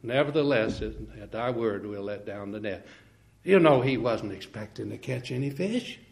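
A man preaching a sermon, swinging from quiet, folksy asides to loud, slow, ringing scripture quotes, with small laughs and restarts. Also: on the low side, expressive, gravelly.

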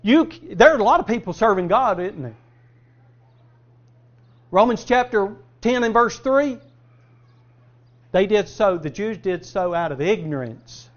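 A man preaching a sermon, firing rhetorical questions at the congregation and answering them himself, swinging between loud emphasis and quiet asides. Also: high voice, expressive, measured pace, pauses often. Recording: dull lo-fi sermon recording.

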